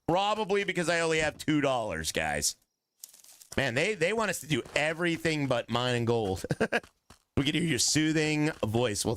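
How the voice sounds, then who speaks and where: A man's voice: a little high, a bit bright, smooth. A man streaming a game, joking and chatting with his viewers and groaning at long dialogue. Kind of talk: casual live gaming commentary.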